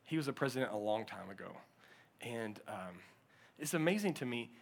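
A male pastor preaching a sermon, telling stories with lively acted-out quotes and frequent laughter. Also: mid-range voice, moderate pace, vocal fry. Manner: animated storytelling, acts out quotes, often laughs.

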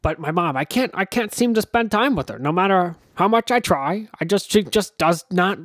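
A man's voice: high voice, lively intonation, moderate pace, fairly bright tone, no echo, studio quality. A man hosting a comedy podcast, rambling through silly stories in a stammering, laughing manner. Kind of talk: comic rambling monologue.

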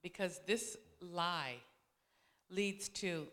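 Woman pastor preaching, bright clear voice, chatty storytelling, long echo of a big church hall. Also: lowish voice, extremely slow. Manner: conversational storytelling, many restarts. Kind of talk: sermon.

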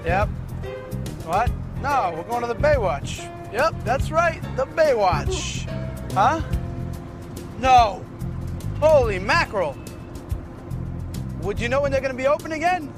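A sly, easygoing man chats his way through a pretend walkie-talkie call. His voice sits high and loose. It is heard as a film clip with clear music underneath. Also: sing-song, slow, long pauses, exaggerated voice. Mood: breezy.

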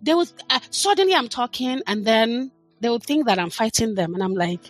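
A woman's voice: on the high side, lively intonation, fairly quick, soft background music. A middle-aged woman, talking as a podcast guest in a passionate, emphatic way, leaning hard on her words. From Nigeria. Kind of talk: casual chat.

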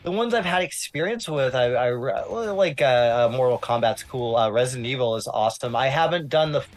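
A man's voice: mid-range voice, brisk, soft background music. A man chatting as a guest critic over a video call, telling stories in a loose, profane way. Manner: profane, animated storyteller. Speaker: guest film critic and interviewer. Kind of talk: casual storytelling chat.

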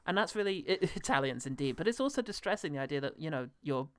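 A man's voice: fairly high pitch, expressive, quick pace, a bit bright, smooth, no echo. A man co-hosting a casual film review podcast, joking and sardonic, laughing often between his remarks. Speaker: podcast co-host.

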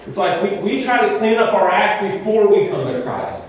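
A pastor preaches a sermon in a church sanctuary, his high voice lively and conversational, animated and full of rhetorical questions. He speaks at a moderate pace with hardly any pauses, picked up by a distant mic in an echoey room with a noisy background.

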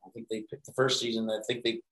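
A middle-aged actor telling rambling, profane anecdotes in a casual interview. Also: male voice, medium pitch, level tone, fast, fairly bright tone, roomy sound, low-quality recording.

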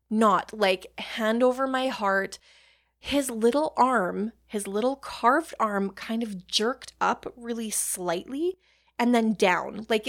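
A woman's voice: fairly high pitch, fairly bright tone. Chatty woman podcast host. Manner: chatty, swears casually, self-deprecating asides. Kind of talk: casual storytelling monologue.

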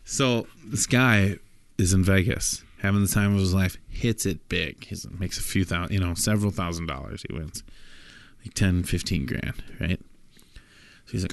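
A low-voiced man co-hosting a casual podcast. He rambles through a long joke and keeps jumping up in pitch to act out each character. The sound is dry and close, with no room around it. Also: normal speed, vocal fry, no echo. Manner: rambling storyteller, acts out characters' lines with jumps in pitch. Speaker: podcast co-host.

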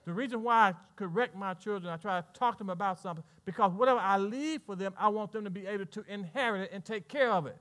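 High, bright-voiced preacher. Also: male voice, fast, few pauses. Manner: preaching with sudden swings between loud and hushed; talks to the congregation with questions. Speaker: pastor. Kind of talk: sermon.

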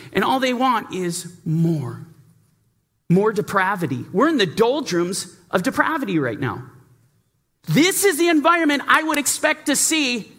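A man delivers a sermon with urgent, emphatic force. His voice sits very high and sounds bright. His pitch swings widely as he presses each point. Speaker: preacher.

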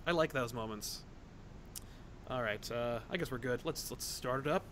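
A man's voice: mid-range voice, moderate pace, fairly bright tone, a little hiss or hum. A man hosting a podcast, chatting casually about comics with lots of fillers and stories. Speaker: podcast host. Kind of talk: casual chat.

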